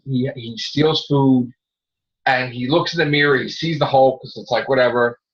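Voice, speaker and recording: A man hosting a casual podcast, rambling excitedly about comic books and swearing freely as he retells scenes. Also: mid-range voice, normal speed. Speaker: podcast host. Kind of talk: casual comic book chat. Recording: dull lo-fi recording.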